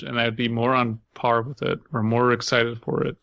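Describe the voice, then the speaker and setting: A man co-hosting a comedy horror podcast, reading a story and chiming in with dry, wry remarks. His voice is bright and forceful. The sound is dry and close. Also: mid-range voice, little pitch movement, moderate pace, vocal fry, no room sound, lo-fi sound. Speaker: podcast co-host. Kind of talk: casual comedic chat.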